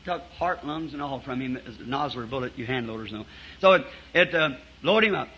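A man's voice: medium pitch, expressive, fairly quick, pushed and bright, a little hiss or hum. A man preaching a storytelling sermon to a congregation in a church, telling it in a folksy way with frequent chuckles. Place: church meeting before a congregation. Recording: dull, muffled 1960s sermon tape.

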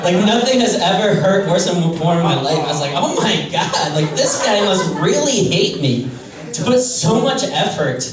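A man doing a stand-up comedy set on a club stage, deadpan and self-deprecating, hesitant with many fillers. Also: sits high, normal speed, a loud crowd. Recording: roomy distant club recording with noise.

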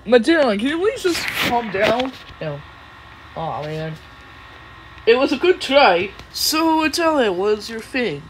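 A woman's voice: medium pitch, very animated, measured pace, a little hiss or hum, rough recording. Woman doing many silly cartoon voices. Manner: playful, silly voices, giggly. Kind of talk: fan voice acting many cartoon characters.

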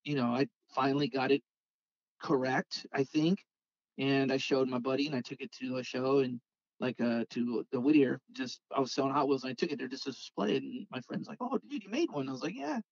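A man, a podcast guest telling a rambling, animated story and acting out the dialogue. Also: mid-range voice, brisk, dry recording, highs cut off. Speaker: podcast guest, scale model car artist. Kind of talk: casual storytelling chat.

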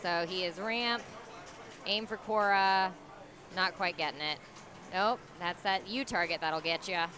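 A woman's voice: lowish voice, a crowd in the background. A woman giving casual play-by-play commentary on a pinball tournament and chatting about strategy. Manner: chatty, quick reactions, lots of fillers.

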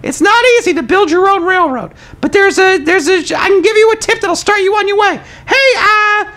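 A cheerful toilet paper roll puppet with a very high, squeaky voice. The puppet hosts a comedic live stream and gives absurd tips with confident, matter-of-fact delivery. It turns to the viewers now and then with a few ums and uhs. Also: male voice, normal speed, sharp tone. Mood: zany. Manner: chats to the live chat, hesitant fillers.

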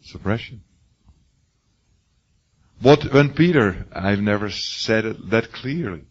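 An older man teaches a class, his low voice hoarse and raw. He drives points home by repeating words and often restarts his sentences. The muffled, lo-fi recording dulls his husky tone. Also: expressive, slow. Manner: emphatic, repetitive, stumbling restarts. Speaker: lecturer. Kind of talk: classroom lecture.

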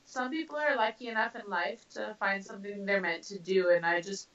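A Canadian woman boxer tells her stories in a lively, casual way, full of fillers and restarts. Her voice is bright and a little high, and she sounds distant from the mic in an echoey room with a dull, muffled tone. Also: a little fast. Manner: animated storytelling, many fillers. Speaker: professional boxer, interview guest. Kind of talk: casual interview answers.

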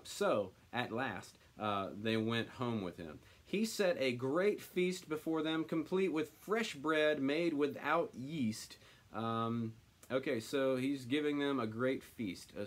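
A man leads a casual Bible study, reading scripture out slowly and then musing on it. He talks as he thinks, with plenty of ums and uhs between his thoughts. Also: mid-range voice. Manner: thinks aloud with many fillers, reads slowly then comments.

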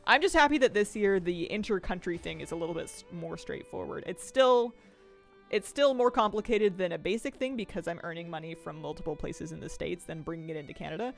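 A woman's voice: on the low side, fairly quick, gravelly, faint music behind. A young adult woman streaming a game, chatting casually and rambling, often breaking into laughter. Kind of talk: casual live-stream chat while gaming.

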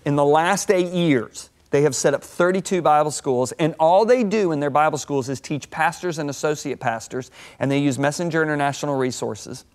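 A man in his sixties, a guest on a TV talk show, telling stories in a lively sermon-like way with big swings of voice. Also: fairly high pitch, normal speed, few pauses. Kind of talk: animated storytelling sermon-talk.

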